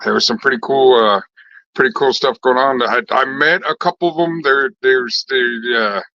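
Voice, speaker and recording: A man talks to his viewers in a loose, rambling chat, swearing freely and circling back with fillers and restarts. His voice sits at a middling pitch. The recording is dry and a little dull, like a lo-fi home setup. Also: normal speed, bright, forceful tone, no room sound. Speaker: vlogger chatting with viewers.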